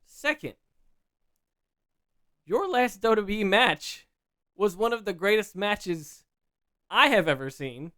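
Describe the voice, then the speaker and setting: Smooth-voiced man rambling casually. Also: high-pitched, expressive, slow, pauses often, pushed and bright, no room sound. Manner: rambling, many restarts and fillers. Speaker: podcast co-host. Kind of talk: casual chat.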